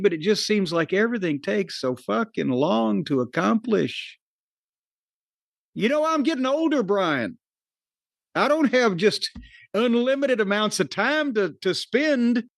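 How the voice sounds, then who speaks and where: On his podcast, a high-pitched man casually reviews a wrestling show, swearing, sharing strong opinions and cracking dry jokes. The audio has no room sound.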